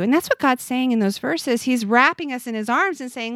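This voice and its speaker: A woman's voice: high-pitched, lively intonation, a little fast, few pauses, a bit bright, dry recording, studio quality. A woman speaking as a podcast guest, earnest and reflective as she talks about her faith. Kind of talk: conversational interview.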